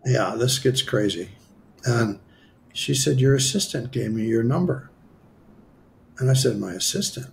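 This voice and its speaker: Male guest in an interview telling a story, gravelly voice, mid-range pitch, acts out the dialogue with a wry edge. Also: measured pace, long pauses, a little hiss or hum. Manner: animated, acts out quoted dialogue, self-mocking humor. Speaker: guest healer.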